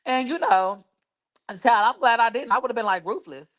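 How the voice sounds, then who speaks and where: With a fairly high, fairly bright voice at normal speed, a woman hosts a gossipy livestream chat. She laughs, swears and talks brashly, throwing around "child" and "baby" a lot, and has an injured foot.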